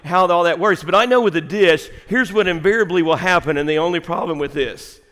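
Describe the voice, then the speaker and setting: A man preaching a sermon as pastor, telling a rambling personal story with asides and then building to shouted exhortation, recorded in a church sanctuary. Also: high voice, brisk. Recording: long reverb of a large hall.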